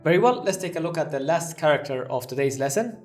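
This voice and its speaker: Patient man teaching slowly, mic set back. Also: a little high, expressive, recorded from a distance. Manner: patient, repeats each phrase slowly then translates. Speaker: language teacher. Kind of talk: recorded language lesson.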